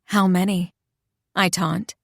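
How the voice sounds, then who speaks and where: A woman narrating a first-person romance audiobook in an expressive, intimate storytelling voice. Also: fairly low pitch, takes it slowly, gravelly, no echo, studio quality.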